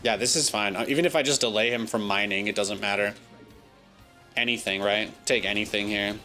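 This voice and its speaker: A man with an American accent giving excitable, joking commentary while he plays and streams a game. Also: fairly low pitch, brisk, soft background music. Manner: excitable, joking, talks to himself and chat. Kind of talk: casual gameplay commentary.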